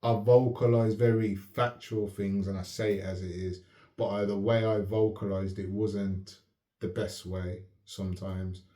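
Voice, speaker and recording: Male host, low-pitched and mellow, calm reflective delivery, roomy echo. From United Kingdom. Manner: calm, measured, checks if listener follows. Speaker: channel host. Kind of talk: reflective casual talk to camera.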